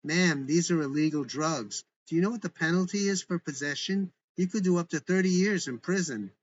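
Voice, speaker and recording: A man's voice: fairly high pitch, a little fast, lo-fi sound, slight background noise, voice pushed up, lightly acted. A man voicing a smug male federal agent who lectures in a self-satisfied manner.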